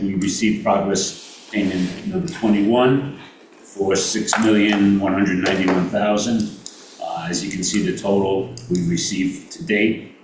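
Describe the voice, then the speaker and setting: Brooklyn guy chairing a meeting, lowish voice, halting w lots of uhs, echoey room heard from far off w noise. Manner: halting, many uh fillers, reads figures aloud. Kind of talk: meeting business.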